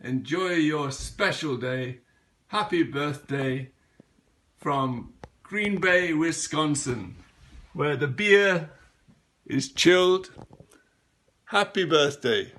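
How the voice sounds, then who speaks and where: A man's voice: fairly high pitch, very slow, long pauses, a bit bright. A man sending a birthday video with dry, joking remarks. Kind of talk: casual birthday message.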